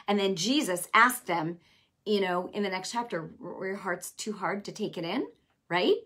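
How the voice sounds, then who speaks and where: A woman preaching a casual, animated sermon, repeating phrases and adding quick asides. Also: medium pitch, breathy edge.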